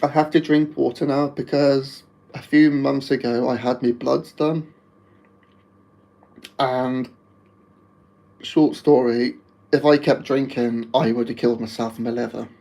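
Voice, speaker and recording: A man's voice: mid-range voice, level tone, measured pace, gravelly, pauses often, warm tone, poor audio. A man with a Wolverhampton accent chatting casually on a live stream, rambling and laughing often.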